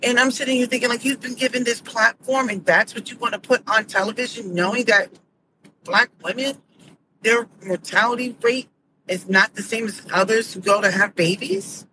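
A woman's voice: a little high, moderate pace. Middle-aged woman host, emphatic opinion monologue, audible hiss underneath the voice. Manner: indignant, emphatic storytelling. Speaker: podcast host. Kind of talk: casual commentary monologue. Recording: noticeable background noise.

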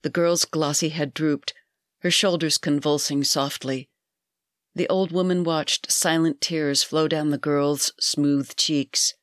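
A storyteller giving a measured, deliberate scripted narration of a dark fairy tale. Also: mid-range voice, fairly even intonation, no room sound, clean studio sound.

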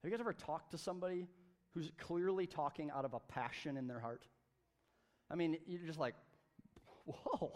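A man preaching a sermon at a church service, energetic and conversational, with playful asides. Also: on the high side, brisk. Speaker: pastor.

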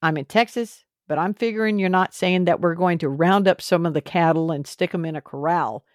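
A woman's voice: fairly low pitch, a little fast, no echo, studio quality. A woman hosting a podcast interview, encouraging her guest and asking follow-up questions. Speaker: podcast host.

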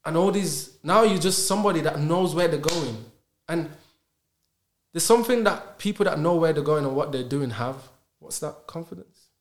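A man's voice: fairly high pitch, moderate pace, slight background noise. Emphatic man musing aloud. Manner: emphatic, rhetorical questions, acts out dialogues. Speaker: podcast guest. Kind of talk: animated casual conversation.

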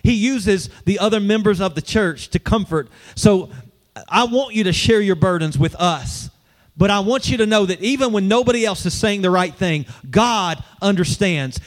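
A man's voice: high voice, animated, moderate pace. A male pastor preaching a sermon in a church, in a conversational way, asking the congregation questions.

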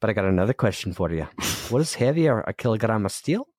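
A man voicing an excitable male college French teacher, putting on a Scottish accent in a high, squeaky, sing-song voice. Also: quick pace, no room sound, clean studio sound. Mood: quizzing. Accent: Scottish, as put on.

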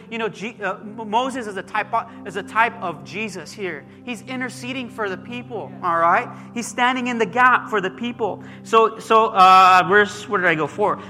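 A man preaching a sermon as pastor, emphatic and animated, calling out to his congregation. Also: very high voice. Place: church sanctuary. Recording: long hall reverb with faint music.

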